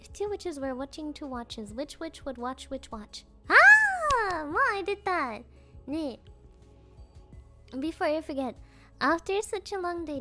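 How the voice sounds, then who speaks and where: Playful female streamer, high bright voice, giggly casual chat, soft music under it. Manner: playful, giggly, trips over tongue twisters; mixes in Japanese fillers.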